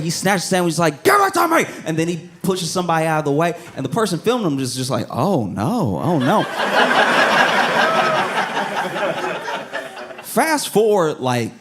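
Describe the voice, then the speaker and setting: A man performing a stand-up comedy set, telling a story with animated delivery and bursting into shrill shouted voices for the people in it, audience laughter behind him. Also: measured pace, long pauses, background noise.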